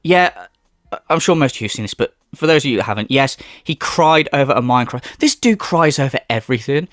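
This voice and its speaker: Sarcastic male streamer, lively pitch. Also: fairly quick, no echo, studio quality. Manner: sarcastic, profane ranting. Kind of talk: livestream commentary.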